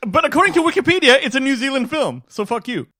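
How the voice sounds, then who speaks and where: A man co-hosting a casual podcast, joking and swearing in an animated way. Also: very high voice, quick pace, no echo, clean studio sound. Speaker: podcast co-host.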